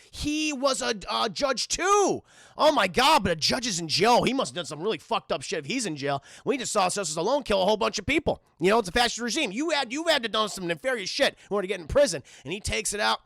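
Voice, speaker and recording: Young male streamer, excitable and cussing, bright forceful tone; keeps talking to chat. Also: sits high, gravelly, no echo, studio quality. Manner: rambling, excitable, curses, keeps addressing chat. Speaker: streamer reviewing films. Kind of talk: casual profane film recap to live chat.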